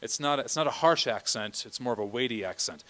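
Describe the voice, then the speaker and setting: A man's voice: medium pitch, lively intonation, fast talker, pushed and bright, low-quality recording. A man directing a choir rehearsal, counting beats and singing bits of phrases as he coaches the singers. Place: church rehearsal room.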